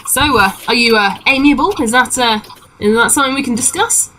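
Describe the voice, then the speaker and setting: A woman voicing an excitable young male halfling pirate who greets guests theatrically. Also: a little fast, a little hiss or hum, rough recording. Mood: wheedling. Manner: eager, theatrical, hops between high exclamations.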